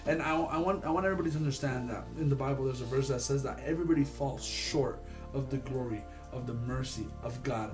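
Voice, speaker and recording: A man's voice: mid-range voice, quick pace, few pauses, over music. Earnest young man leading a Bible study. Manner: earnest, animated, laughs when excited, many restarts. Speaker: youth group leader. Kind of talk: informal Bible study talk.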